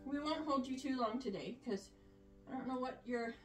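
An older woman showing her rabbits in a casual vlog, rambling with fillers and talking softly to the animals, recorded in a shed. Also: sits high, moderate pace. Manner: soothing, coaxing with animals. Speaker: homesteader. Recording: echoey, distant from the mic, music behind.

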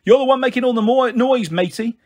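A man puts on a harried young mother who keeps things light with brisk, wry remarks. The voice sits a little higher than a typical man's and has a husky grain to it. She sounds tired underneath the cheer. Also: expressive. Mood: yelling. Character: weary, tearful young mother on the run. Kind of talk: audiobook character voice.

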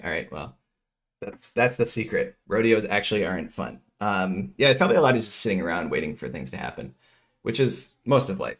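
A middle-aged New Jersey man with a lowish voice gives a casual economics lecture, working through equations aloud. He rambles into asides and frequently interrupts himself.

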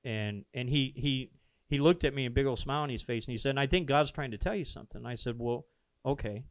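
A man, a pastor, telling a founding story in a casual podcast conversation, earnest and animated, acting out the dialogue. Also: medium pitch, quick pace, clear, resonant tone, no room sound. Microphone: podcast microphone.

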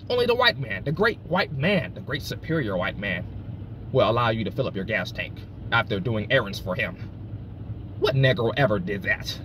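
A man playing a brash, boastful working man. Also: a little high. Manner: profane, boastful, taunting. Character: brash, crude, self-satisfied working man. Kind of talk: comedic character monologue. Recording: loud car and road noise.

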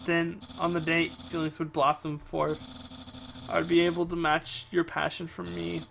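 A man voicing an awkward, earnest male skeleton in a low, mumbly, halting way. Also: monotone, gravelly, noisy background.

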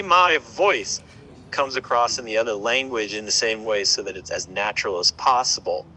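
A man presents a live product demo over a phone call, standing outdoors near the water. His voice is very bright and sits at a middling pitch. He talks haltingly, repeating words and leaning on fillers as he goes.

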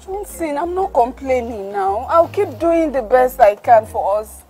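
A woman's voice: high voice, expressive, unhurried, mellow, faint music behind. A woman playing a caring young girlfriend who pleads emotionally and repeats her words. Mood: pleading.

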